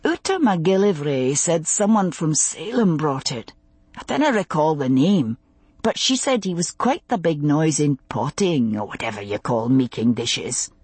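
A woman voicing a gruff, thoughtful adult man with a dry, understated manner. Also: deep voice, lively intonation, unhurried, a little mellow, no echo, heavily acted. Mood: musing.

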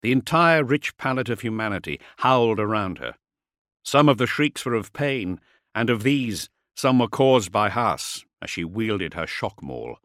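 A man's voice: a little slow, no room sound. A man reading a novel aloud as a dramatic audiobook narrator on a close studio mic. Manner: dramatic, with lively pitch swings.

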